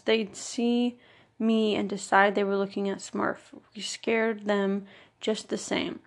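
A woman narrates a memoir in the first person, her voice set at an ordinary middle pitch. There is a steady gravelly fry running through her delivery. She stays earnest and measured, pressing on each word in a list. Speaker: audiobook narrator.

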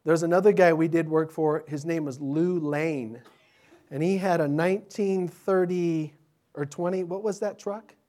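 This middle-aged pastor tells stories to children in a children's sermon, animated and chatty, often restarting his sentences. His voice is a little high and his delivery a little slow.

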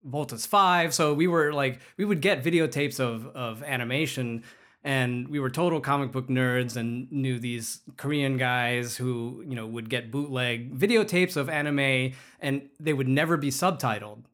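A middle-aged man from the Philippines, co-hosting a podcast in relaxed, casual chat. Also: mid-range voice, normal speed. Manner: relaxed, uses fillers. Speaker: podcast co-host.

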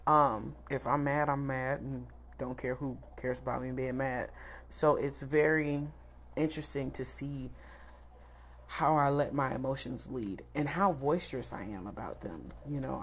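A woman's voice: very deep voice, a little hiss or hum. A woman in her thirties from South Florida, hosting a casual solo podcast in a candid, chatty, emphatic way. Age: 30s. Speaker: podcast host.

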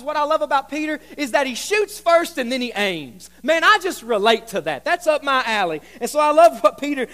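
A man's voice: extremely high pitch, sharp tone. A man preaching a sermon as pastor, reading scripture aloud and joking with the congregation on a microphone. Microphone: handheld microphone.

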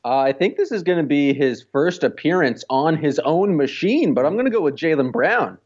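Male podcast co-host, rambling and loose, slightly high voice, muffled audio. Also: expressive, normal speed, a little mellow, husky. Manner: rambling with many "like" fillers. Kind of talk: casual sports podcast chat.

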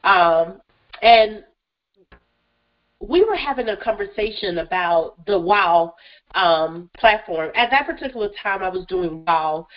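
An upbeat woman hosts a solo radio show, gushing and calling out to her listeners. Her voice sounds stuffy and congested, at a middling pitch. The recording is slightly dull and lo-fi. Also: lively intonation, measured pace. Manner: enthusiastic, effusive, repeats "listen" and "guys". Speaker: radio show host, therapist and motivational speaker.

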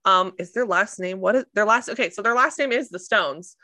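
A woman co-hosting a podcast, chatting casually and excitedly about favorite movies, quoting people and swearing freely. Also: medium pitch, a little fast, no echo, studio quality. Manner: excited, profane, quotes herself and others. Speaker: podcast co-host. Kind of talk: casual chat.

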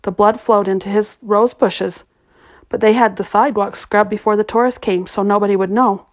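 A woman reading the part of a grieving, bitter middle-aged father who speaks low and guarded. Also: fairly even intonation, normal speed, close to an everyday voice.

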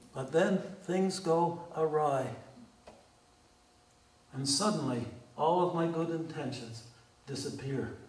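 A man preaching a sermon deliberately, asking his congregation questions. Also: on the high side, a little mellow, reverberant, far from the mic, rough recording. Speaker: pastor.

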